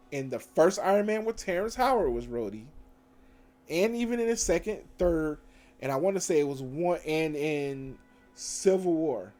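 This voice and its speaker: A man recapping TV episodes in a casual, slangy, animated way, full of fillers and self-corrections. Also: on the high side. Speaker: TV show reviewer. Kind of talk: casual recap with acted quotes.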